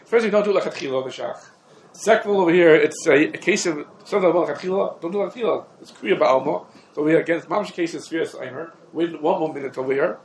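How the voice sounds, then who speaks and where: A man's voice: a little high, rough recording. A man leads a halachic class, racing through his points with emphatic drive. His voice sits a touch above the usual range for a man. A faint hum of ambience stays under him. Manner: quick, emphatic, dense with Hebrew and Aramaic legal terms. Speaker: Torah class teacher. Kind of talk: rapid halachic lecture.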